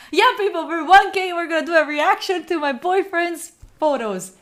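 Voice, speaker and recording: A young adult Italian study streamer talks casually with her chat at a moderate pace, her very high voice carrying a slightly bright tone. She's from Italy, speaks with an Italian accent, laughs frequently, and responds to viewers' questions.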